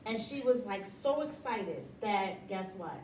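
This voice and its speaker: A woman's voice: medium pitch, lively intonation, unhurried, a little mellow, reverberant, far from the mic, a little hiss or hum, low-quality recording. A middle-aged woman talking about running her business in a casual interview, emphatic and motivational, often laughing. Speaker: interview guest, business owner.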